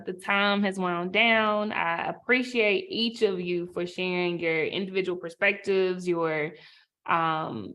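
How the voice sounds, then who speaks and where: Unhurried woman moderator. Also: mid-range voice. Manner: warm, unhurried, fillers like "um". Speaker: panel moderator. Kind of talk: moderating a panel.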